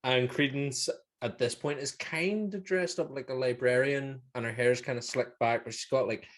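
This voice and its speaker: A man's voice: mid-range voice, moderate pace. Northern Irish man, podcast co-host, rambling casual recap, foul-mouthed. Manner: rambling, laughing, swears freely. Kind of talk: casual film review chat.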